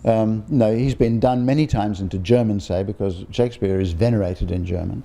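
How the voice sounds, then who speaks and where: A creaky, mellow, lowish voice at a moderate pace marks this older guest speaker, a linguistics professor talking informally to a roomful of guests. He's warm-natured and digressive, with plenty of ums and false starts.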